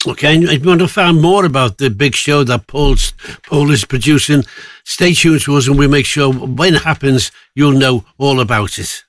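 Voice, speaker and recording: A man's voice: medium pitch, normal speed, dry recording. A man presenting a radio show, chatty and breezy between items.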